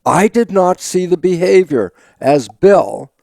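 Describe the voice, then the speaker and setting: An older man, a biologist guest in an interview, telling stories with lively acted-out quotes of his own inner dialogue and frequent laughs. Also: high-pitched, measured pace, creaky, no echo. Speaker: guest, stem cell biologist. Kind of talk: animated storytelling interview talk.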